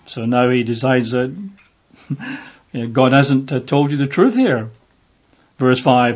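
A man teaching from the Bible in a relaxed, conversational way, with lots of fillers, sometimes acting out the voices in the passage. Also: mid-range voice, takes it slowly, pauses often. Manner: conversational, with many fillers, acts out voices in the reading. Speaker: preacher. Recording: dull lo-fi audio.

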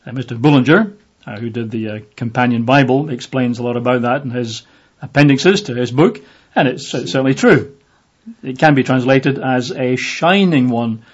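A man teaching from the Bible in a relaxed, conversational way, with lots of fillers, sometimes acting out the voices in the passage. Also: mid-range voice, moderate pace, slightly rough. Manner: conversational, with many fillers, acts out voices in the reading. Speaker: preacher. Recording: dull lo-fi audio.

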